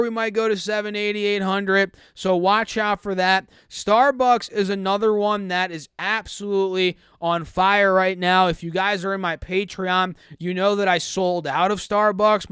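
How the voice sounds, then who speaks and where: A man's voice: high-pitched, fairly bright tone, clear, resonant tone, no room sound, clean studio sound. A young man giving casual stock market commentary, recovering from an illness and a little choked on his words. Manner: quick, chatty, self-correcting.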